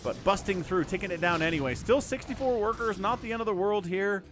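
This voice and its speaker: Animated man casting a live game. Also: high-pitched, a little fast, background noise. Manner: animated, chatty, thanks viewers mid-play. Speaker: stream host and game commentator.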